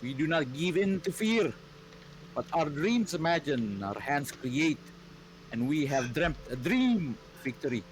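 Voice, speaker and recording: A man putting on a husky queen's proclamation. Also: a little high, sing-song, slight background noise, rough recording. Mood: proclaiming. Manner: slow, solemn and proclaiming. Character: husky deep-voiced woman ruler giving a grand address.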